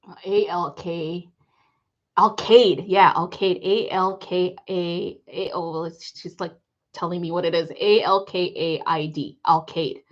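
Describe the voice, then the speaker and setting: A woman's voice: fairly low pitch, steady tone, unhurried. Swearing, laughing woman on a lo-fi stream. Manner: laughs often, swears freely, rambling. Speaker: psychic reader hosting a live stream. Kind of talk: casual live-stream storytelling.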